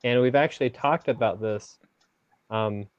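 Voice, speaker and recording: A young college student talking in a casual group video call, tentative and searching for words. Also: male voice, mid-range voice, unhurried, clear, resonant tone, dry recording. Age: young adult. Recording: dull video call audio.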